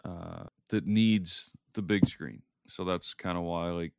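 A man with a very low voice, gravelly yet smooth, chats casually as a podcast co-host. He hedges and trails off, with a dry, close sound. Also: steady tone, takes it slowly, a little mellow, dry recording. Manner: hesitant, trailing off, laughs often. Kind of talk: casual chat.

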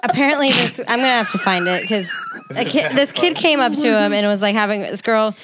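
A woman who works as a teacher, retelling a story on a podcast in a lively way with laughter. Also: fairly high pitch, a little fast, crowd noise. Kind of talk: casual chat.

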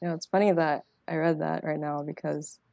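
A woman's voice: sits low, flat delivery, fairly quick, vocal fry, dark tone, no room sound, lo-fi sound. A young woman, a podcast guest, who recites a rhyming poem and then chats casually, trailing off and often asking "you know what I mean?".

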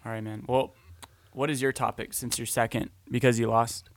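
An easygoing man hosting a casual podcast, speaking in short relaxed replies. His pitch is mid-range and the sound is dry and close-miked. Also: normal speed, dry recording. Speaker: podcast host. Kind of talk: casual chat.

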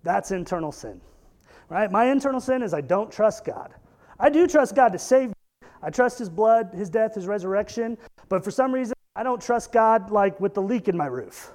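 A man with a high-pitched voice delivers a casual, conversational sermon. He talks animatedly and throws rhetorical questions at his listeners. He mixes in joking asides as he preaches. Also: lively intonation, moderate pace, a little mellow. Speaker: pastor.

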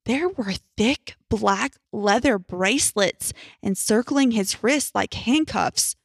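Young woman, horror story narration, tense, measured, dry close mic. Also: on the high side, animated, creaky, husky, no echo.

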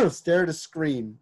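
A man in casual chat speaks slowly, and his pitch swings widely up and down. He offers agreeing reflections in a voice set a little high. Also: a little mellow, husky.

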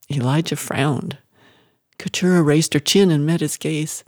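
A narrator giving an expressive, emotive audiobook reading of a story. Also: medium pitch, normal speed, dry recording, clean studio sound.

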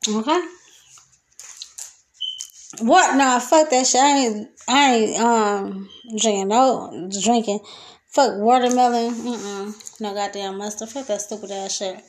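A woman's voice: a little high, fairly even intonation, slow, slight background noise. A young woman hosting a solo podcast, venting in a loose, profane, laughing rant from her kitchen. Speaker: podcast host. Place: home kitchen.

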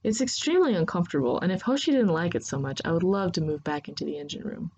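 A woman's voice: fairly low pitch, lively intonation, fast, a little mellow, highs cut off, a little hiss or hum. A woman voicing a prickly, sarcastic nonhuman crewmember, raising her voice into snappy retorts. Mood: dry, sardonic.

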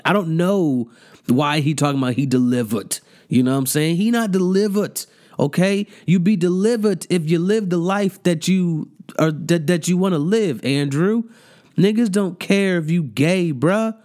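A young man ranting in a mocking, profane comedic monologue, jumping into high incredulous outbursts. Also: expressive, moderate pace, a little mellow. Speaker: comedic commentator.

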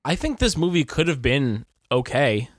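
A man's voice: mid-range voice, very animated, moderate pace, dry recording, clean studio sound. A young man co-hosting a casual movie review podcast, talking in a blunt, laid-back way and swearing now and then. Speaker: podcast co-host.

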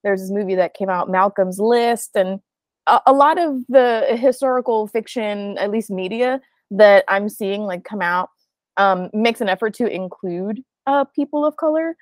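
Relaxed woman hosting a book chat. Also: mid-range voice, moderate pace, no echo. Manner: relaxed, rambling, restarts. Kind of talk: casual book discussion.

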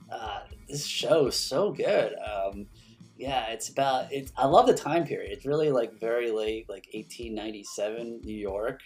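A man hosting his own podcast, talking casually and enthusiastically, rambling with many fillers. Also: medium pitch. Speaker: podcast host. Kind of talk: casual solo podcast chat.

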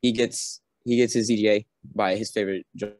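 This former recruit, a young man appearing on a podcast, speaks briskly in a fairly low voice. He tells a casual story and acts out people's lines with animation, with no room sound in the recording.

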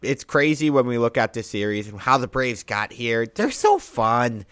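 A young man co-hosting a podcast, talking baseball in a casual, animated way, with big jumps in pitch and loudness for emphasis. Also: moderate pace, clean tone, dry recording, clean studio sound. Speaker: podcast co-host. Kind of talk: casual sports chat.

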